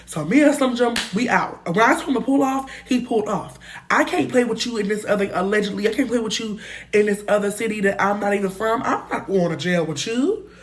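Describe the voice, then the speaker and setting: A young woman spinning a casual storytime in a mid-pitched voice. She talks in animated, slangy bursts and swears freely. Loud outbursts alternate with low, muttered asides. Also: fairly quick. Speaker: storytime vlogger.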